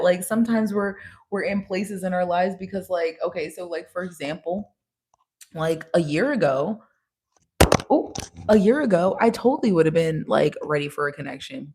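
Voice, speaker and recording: A woman's voice: lowish voice, a little mellow. A young woman giving a casual tarot reading, talking frankly with slang, swearing and frequent laughs. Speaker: tarot reader.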